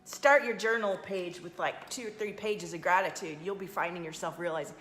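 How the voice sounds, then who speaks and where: A woman spiritual coach hosting a live stream, talking casually to viewers and greeting them by name in a soft, soothing way. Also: on the low side, fairly quick, hardly any pauses, echoey room. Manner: chatty, addresses viewers by name.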